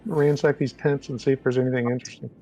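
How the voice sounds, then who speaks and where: A man's voice: mid-range voice, fairly even intonation, quick pace, mellow, slight background noise. A man playing a tabletop game who jokes and nudges the other players in casual chat. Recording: dull, lo-fi microphone.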